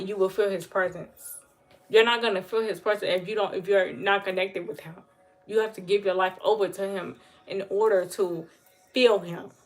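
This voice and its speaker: A woman giving an earnest, emotional talk about faith to viewers on her livestream. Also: medium pitch. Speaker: livestream host. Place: home livestream.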